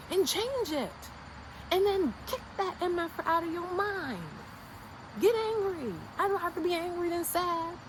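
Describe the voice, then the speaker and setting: A woman's voice: sits high, noisy background. An American woman giving a casual, emphatic motivational rant to her channel, blunt and slangy, hammering her points through repetition. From United States. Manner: fired-up and insistent. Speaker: YouTube creator.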